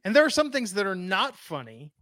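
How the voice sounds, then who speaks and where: Dry-voiced sardonic man, high and bright. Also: wildly swooping pitch, fairly quick, dry recording. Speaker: podcast co-host. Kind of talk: casual wrestling podcast chat.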